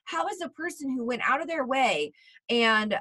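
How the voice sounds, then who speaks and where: A woman co-hosting a podcast, talking in a rambling, animated way with lots of fillers. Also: sits high, moderate pace. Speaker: podcast co-host. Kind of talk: casual podcast chat.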